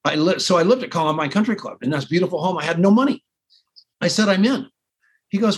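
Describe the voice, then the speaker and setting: Husky older man telling a wild story. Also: high-pitched, fast talker. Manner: self-mocking, acts out both sides of conversations. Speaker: podcast co-host telling his story. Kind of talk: animated storytelling.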